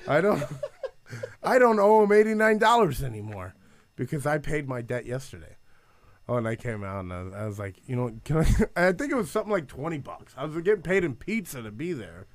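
A man's voice: fairly high pitch, big pitch swings, brisk, dry recording. A man who does stand-up, telling a story in casual podcast chat, swearing and laughing as he goes. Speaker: stand-up comedian. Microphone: studio mic on camera.

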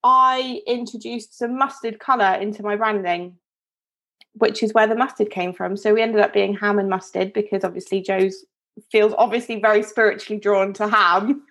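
A woman's voice: medium pitch, steady tone, normal speed, fairly bright tone. A woman from Devon co-hosting a podcast, telling a story in a chatty, casual way with lots of fillers and restarts. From Devon, England. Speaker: podcast co-host. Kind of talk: casual chat.

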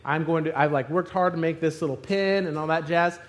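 A man preaching a sermon, telling a funny personal story and acting out the scenes with loud exclamations. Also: on the high side, brisk. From Arizona.

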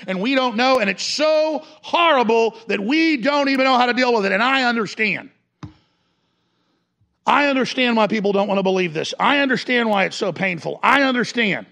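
Man, gravelly voice, high-pitched for a man, forceful ranting talk host. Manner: ranting, forceful, swings between shouting and low growls. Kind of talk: impassioned broadcast monologue.

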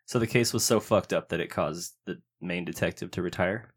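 A man's voice: sits low, brisk, slightly rough. A man co-hosting a podcast in casual banter, sarcastic and mocking, with frequent swearing. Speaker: podcast co-host.

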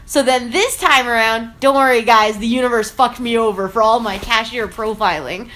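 A woman in casual chat, telling a story in an animated way with frequent laughs and fillers. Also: a little high, moderate pace, poor audio.

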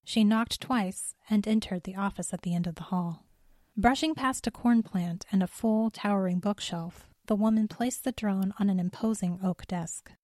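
A woman telling a story in calm, measured scripted narration. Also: mid-range voice, no echo, clean studio sound.

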